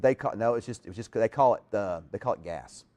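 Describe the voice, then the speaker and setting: A man with a low-set voice hosts a relaxed live chat, his pitch swinging widely as he talks. He rambles, restarts sentences and keeps the conversation going. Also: fairly quick. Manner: chatty, rambling, with lots of restarts. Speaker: live show host. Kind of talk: casual chat.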